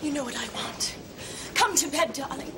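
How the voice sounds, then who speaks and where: A man's voice: very high-pitched, normal speed, heavy background noise, voice pushed up. A man voicing a breathless, melodramatic woman lover in a comedy sketch. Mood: swooning.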